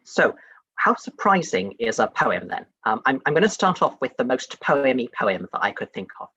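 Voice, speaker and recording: Husky-voiced man giving a casual talk. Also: medium pitch, very animated, moderate pace, pushed and bright, dry recording, dull audio. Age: young adult. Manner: chatty and conversational, many fillers like "um" and "like". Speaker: science talk speaker. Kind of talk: casual lecture to an audience.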